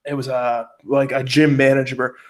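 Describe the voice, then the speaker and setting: A man's voice: mid-range voice, flat delivery, moderate pace. A man hosting a casual interview, talking loosely with lots of swearing and filler words. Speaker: jiu-jitsu gym owner and host. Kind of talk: casual podcast chat.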